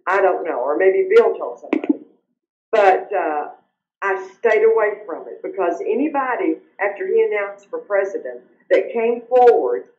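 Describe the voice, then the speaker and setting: An older woman, earnestly telling her personal story as an interview guest, sometimes halting when upset. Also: lowish voice. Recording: roomy, muffled remote audio.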